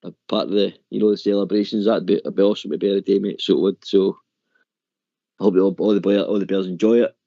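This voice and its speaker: Male caller, low mellow voice, earnest fan chat, dry muffled phone line. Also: little pitch movement, fast, creaky, no echo. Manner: earnest, says "mate" often. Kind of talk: casual chat.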